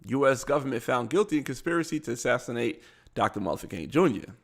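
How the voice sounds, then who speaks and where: A man with a Baltimore accent and a gravelly, mid-pitched voice hosts a casual live show. He reads news articles aloud, trips over long words, and breaks off with blunt asides. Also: animated, fast talker.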